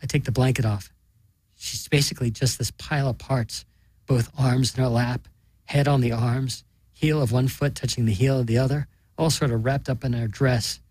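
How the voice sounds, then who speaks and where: A man reading fiction aloud as narrator, wry and deadpan in his delivery. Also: medium pitch, moderate pace, dry recording. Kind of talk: audiobook reading.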